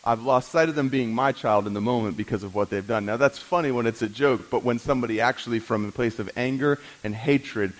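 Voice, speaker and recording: A male pastor delivering a sermon in a dramatic, teaching manner. He questions his listeners, moves between hushed and forceful passages, and slows down to stress his points. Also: medium pitch, low-quality recording.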